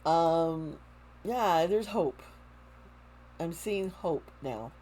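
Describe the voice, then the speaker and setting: A woman giving a casual tarot reading to camera, talking slowly, with frequent restarts and fillers. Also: on the low side, expressive, warm tone, slight background noise. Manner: slow, halting, with many restarts and fillers. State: close to tears. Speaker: tarot reader.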